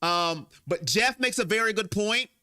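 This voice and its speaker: A man's voice: sits high, expressive, measured pace, sharp tone. A man hosting a sports fan live stream, emotional and rambling as he vents and talks straight to viewers on his own microphone.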